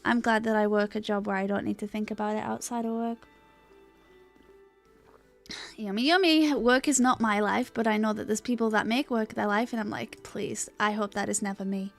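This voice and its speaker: A woman's voice: moderate pace, vocal fry, soft background music. A young woman streaming live, chatting casually and greeting her viewers in a bubbly, rambling way, with casual swearing. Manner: bubbly, chatty, greets chat with high excitement.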